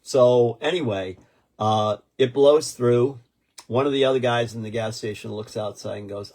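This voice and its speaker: Gravelly, husky man in his sixties. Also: medium pitch, moderate pace. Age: 60s. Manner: rambling, animated storyteller with many restarts. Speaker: podcast co-host. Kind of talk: casual storytelling chat.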